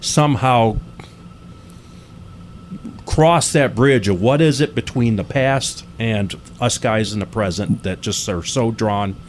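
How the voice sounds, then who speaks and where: A man's voice: fairly low pitch, slow pace, slight background noise. A man, a wet plate photographer, telling stories in a casual interview with many restarts and fillers.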